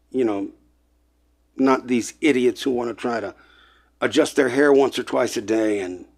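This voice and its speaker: Man, mid-pitched, impassioned lecturing monologue, emphatic and repetitive, gets heated. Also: creaky. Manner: lecturing, addresses listeners as people. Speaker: online presenter.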